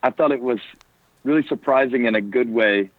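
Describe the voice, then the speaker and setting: A man's voice: medium pitch, fairly quick, no room sound. A man from the American South with a Southern accent, a pastor calling in as a guest, playful and chatty. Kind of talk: casual phone conversation. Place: on a porch. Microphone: phone call. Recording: tinny dry phone line.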